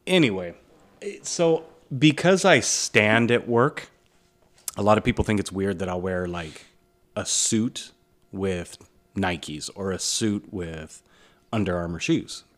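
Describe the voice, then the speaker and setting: A man's voice: lowish voice, expressive, takes it slowly, fairly bright tone. A man co-hosting a casual podcast, telling a long rambling anecdote and quoting people as he goes. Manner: rambling anecdotal storyteller, mimics others in quotes. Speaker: podcast co-host. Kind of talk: casual storytelling chat.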